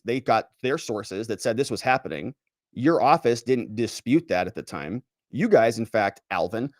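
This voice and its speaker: A man hosting a solo legal commentary show, animated and sarcastic as he reads and picks apart a letter. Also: medium pitch, dry recording, studio quality. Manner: animated and sarcastic, mocks quoted officials in pompous voices. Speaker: lawyer commentator, show host.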